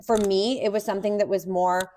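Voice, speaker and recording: A woman's voice: mid-range voice, steady tone, fairly quick, warm tone. A woman hosting an interview podcast, speaking earnestly and offering supportive affirmations in a casual chat. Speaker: podcast host.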